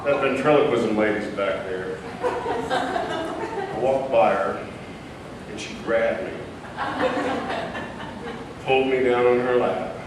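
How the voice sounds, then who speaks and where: A man spinning a folksy tall tale on stage, his voice rising and falling freely as he tells it deadpan with loose pauses. He is heard from far off in a very echoey hall, with steady noise in the background. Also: medium pitch. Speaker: storyteller at a live show. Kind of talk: joke storytelling to an audience. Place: large conference hall.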